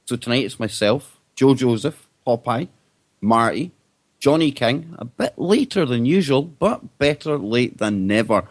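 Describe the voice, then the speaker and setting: A man hosting a radio talk show with a cheerful, joking manner. His pitch sits in the middle and the sound is close and dry. He is lively and welcoming as he introduces the panel. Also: a little slow, no room sound. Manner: upbeat, jokey, welcoming.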